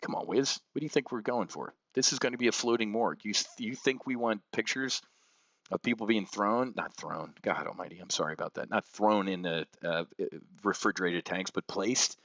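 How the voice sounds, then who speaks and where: A man's voice: lowish voice, moderate pace, fairly bright tone, dry recording, muffled recording. A man hosting an options trading show, giving blunt, heated market commentary that swings between outrage and somber reflection. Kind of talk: unscripted market commentary rant.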